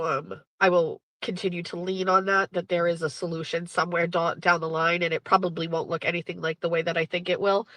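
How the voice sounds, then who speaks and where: Emotional woman with a bright voice. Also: fairly low pitch, dry recording, rough recording. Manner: emotional, halting, clears throat often. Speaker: show host. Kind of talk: personal storytelling.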